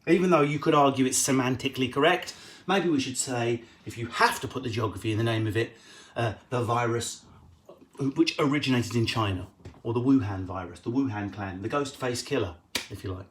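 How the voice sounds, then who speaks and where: Man, comedian, casual home Q&A, cheeky, swears a lot, middle pitch. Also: a little hiss or hum. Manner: cheeky, sweary, quick-witted. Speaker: comedian answering viewer questions. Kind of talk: casual live Q&A.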